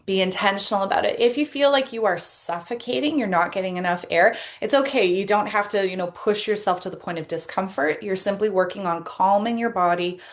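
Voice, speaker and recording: A woman coach leading a guided self-care session with a breathing exercise, speaking calmly and encouragingly into a laptop camera mic. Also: medium pitch. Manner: calm, encouraging, deliberate. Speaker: personal development coach.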